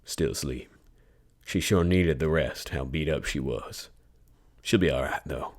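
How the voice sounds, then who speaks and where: A man voicing a gruff, protective pilot with a folksy drawl. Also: a bass voice, measured pace.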